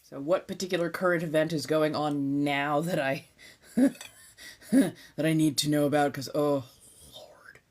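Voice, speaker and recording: Low-voiced laid-back Californian woman. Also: fairly even intonation, moderate pace. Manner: laid-back, swears freely, drops into soft whispers. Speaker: ASMR streamer. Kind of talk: casual live-stream chat.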